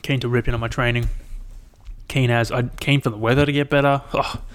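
A man's voice: mid-range voice, steady tone, fairly quick, smooth. A young Australian man chatting alone into a mic, rambling and swearing freely as he retells his week. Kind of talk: casual solo chat.

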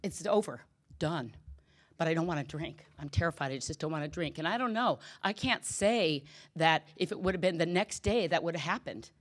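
A woman's voice: sits low, animated, a little fast, few pauses. A middle-aged woman candidly telling her own recovery story to a group, emotional and self-deprecating. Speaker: speaker sharing recovery story. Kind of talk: personal testimony talk.

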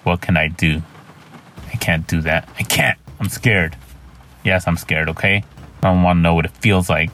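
A man's voice: deep voice, fairly even intonation, normal speed, a bit bright, a little hiss or hum. A man voicing a haunted, bitter man who slides into terror, reading journal entries in a brooding, weary way. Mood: pleading.

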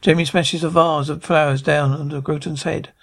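A man's voice: on the high side, level tone, moderate pace, vocal fry, fairly bright tone. A man reading a script aloud, speaking the stage directions plainly. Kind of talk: amateur script read-aloud.

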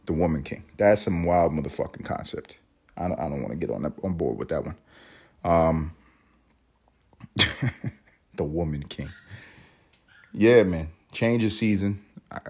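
A man in his thirties hosting a solo podcast, rambling casually and swearing constantly between jokes. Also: deep voice. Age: 30s. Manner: rambling, profane, joking. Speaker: podcast host.

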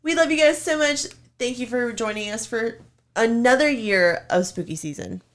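A woman's voice: fairly high pitch, lively intonation, normal speed. A woman co-hosting a podcast in casual chat. She talks loosely, swears freely and fills her sentences with "like". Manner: loose and chatty, swears freely, many "like" fillers. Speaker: podcast co-host.

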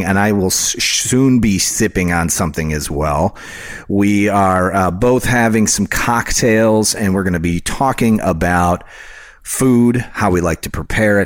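A man with a very low, deep voice hosts a relaxed podcast chat over drinks. He rambles happily from one aside to the next, and his voice sounds close and dry with no room around it. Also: dry recording. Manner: rambling and chatty, with many asides. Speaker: podcast host.

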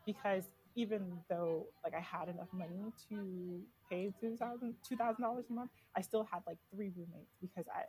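A woman's voice: mid-range voice, fairly even intonation, brisk, hardly any pauses, a little mellow, low-quality recording. A woman as a podcast guest, telling personal stories in a candid, casual way. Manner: candid, personal storytelling with many "like"s. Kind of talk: casual interview conversation.

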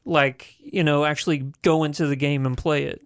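A man's voice: on the high side, steady tone, moderate pace, clean tone, no echo, clean studio sound. A young adult man co-hosting a casual movie podcast, easygoing and playful. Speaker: podcast co-host.

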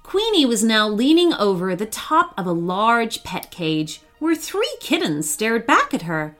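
A woman's voice: on the high side, sing-song, measured pace, a bit bright, soft background music. A woman reading a children's story aloud, telling it expressively.

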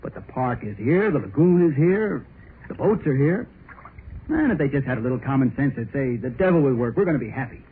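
An actor playing an eager young man named Bill in a 1930s radio drama, boyish and excitable, often breaking into laughter. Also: medium pitch, brisk, a little hiss or hum, lightly acted. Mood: exuberant. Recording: tinny old radio broadcast with music.

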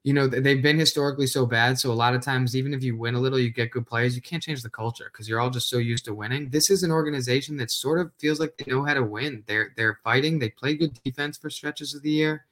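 A man's voice: mid-range voice, fairly even intonation, fast talker, few pauses, fairly bright tone. Thoughtful man stumbling into his points. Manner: hesitant, restarts often, thoughtful. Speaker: podcast co-host. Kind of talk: casual sports chat.

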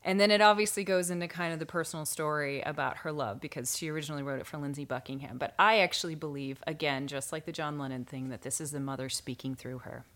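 A woman's voice: sits low, fast talker, few pauses, a bit bright. A woman hosting a spiritual podcast in casual chat, earnest and emotional, laughing often. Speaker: podcast host.

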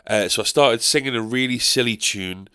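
A solo podcast host rambles casually, swearing and poking fun at himself. His medium-pitched voice is bright and forceful, smooth and moderately paced, captured on a podcast microphone.

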